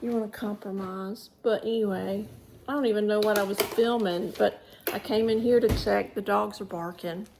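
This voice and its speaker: Speaking at normal speed in a steady, mid-range voice with vocal fry, a middle-aged vlogger chats her way through a casual home vlog in her living room. She rambles, trails off and restarts, with noisy background sound.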